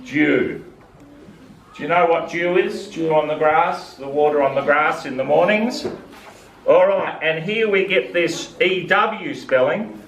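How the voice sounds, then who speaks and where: A man teaching phonics to a student, patiently explaining vowel sounds and asking questions. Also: on the high side. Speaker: reading teacher. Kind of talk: classroom phonics lesson. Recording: echoey room, from a distance, faint hiss.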